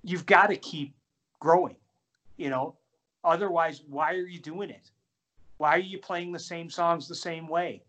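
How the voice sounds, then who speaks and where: A middle-aged man, a jazz pianist, telling animated, self-deprecating stories in a casual interview. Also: a little high, a little slow, long pauses, muffled recording. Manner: animated, self-deprecating anecdotes with many restarts.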